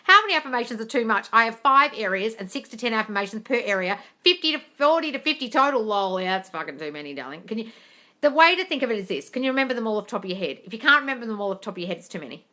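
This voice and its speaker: Outspoken woman hosting a phone live Q&A; bright, slightly high voice, calls everyone darling. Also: rapid-fire. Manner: blunt, swears freely, calls viewers darling; animated, squeals and laughs at comments. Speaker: livestream host answering viewer questions. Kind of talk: casual live Q&A. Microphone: phone livestream.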